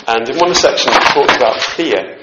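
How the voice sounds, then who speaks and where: In a church hall, a man with a medium-pitched voice delivers a sermon at a moderate pace, his intonation lively. He's conversational and self-deprecating, tossing asides to the room. The recording is very noisy, roomy and slightly dull.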